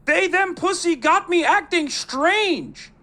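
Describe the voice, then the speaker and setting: A man's voice: very high-pitched, slow pace, pushed and bright, voice pushed up, full character voice. A man putting on a mocking caricature of an older male pundit, whiny and melodramatic.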